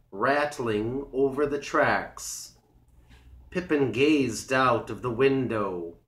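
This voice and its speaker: A man narrating a children's story in a slow, clear, deliberate way for English learners. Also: mid-range voice, a bit bright. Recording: roomy echo.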